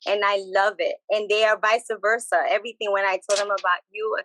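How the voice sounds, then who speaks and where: Lively bilingual woman, bright voice. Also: medium pitch, a little fast, slight background noise, poor audio. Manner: animated, switches between English and Spanish, repeats phrases. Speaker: podcast guest. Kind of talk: casual chat.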